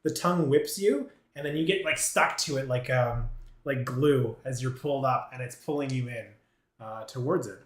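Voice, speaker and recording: A man's voice: medium pitch, moderate pace, reverberant. A man narrating a tabletop game as game master, hesitant and full of fillers and restarts.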